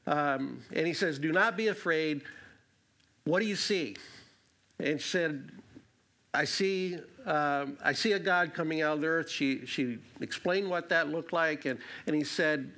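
A man's voice: a little high, unhurried, bright, forceful tone. A man teaching through a Bible passage verse by verse, reading it aloud and explaining it in a conversational way with many fillers and restarts.

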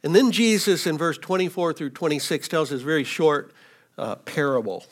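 Guy with a highish voice preaching, reads verses, restarts a lot. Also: moderate pace. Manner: teaching, cites verses, frequent restarts. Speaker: pastor. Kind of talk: expository sermon.

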